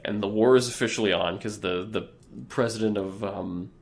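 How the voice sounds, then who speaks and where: A man's voice: fairly low pitch, steady tone, moderate pace. A man co-hosting a podcast, loosely retelling episodes in a casual, profane way. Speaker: podcast co-host. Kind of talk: casual recap chat.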